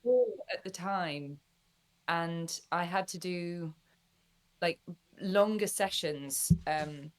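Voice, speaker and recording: A young woman, a voice actor, chatting in an interview, bubbly and quick to laugh. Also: lowish voice. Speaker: guest voice actor. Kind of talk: casual interview chat.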